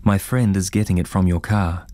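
A man voicing a mysterious, commanding female fortune-teller in a storybook reading, speaking calmly and cryptically. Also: low voice, normal speed, no echo, close to an everyday voice. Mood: cryptic.

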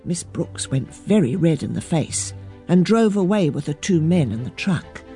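A woman reading a children's story aloud in a gentle, expressive narrating voice. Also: low voice, normal speed, faint music behind.

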